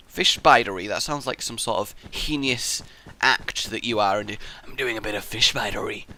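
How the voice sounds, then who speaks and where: Here a young man speaks at a moderate pace in a mid-range voice, hosting a let's play. He's chatty and excitable as he comments on the game, muttering to himself along the way.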